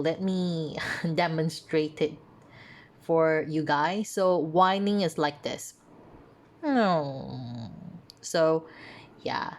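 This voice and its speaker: A woman teacher talks through a casual video lesson, chatty and unhurried. Her voice sits a little low, and she reads example sentences slowly and carefully for learners. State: up late at night. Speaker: English teacher.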